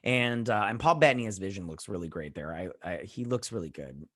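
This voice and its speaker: A man's voice: fairly low pitch, big pitch swings, moderate pace, vocal fry. Chatty man rambling through a show recap. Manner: rambling and chatty, with many fillers and restarts; heartfelt, saying he feels choked up. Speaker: host of a TV review channel. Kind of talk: casual recap and review.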